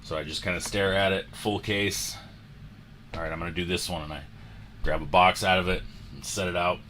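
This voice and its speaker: A man hosting a sports card show, telling a story in a casual, animated way and acting out the moments. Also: low voice, a little fast, a little hiss or hum.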